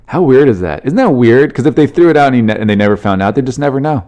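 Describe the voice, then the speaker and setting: A man's voice: on the low side, a little fast, a little mellow, clear, resonant tone. A man hosting a solo comedy podcast, rambling and joking through news stories and swearing freely. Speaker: podcast host.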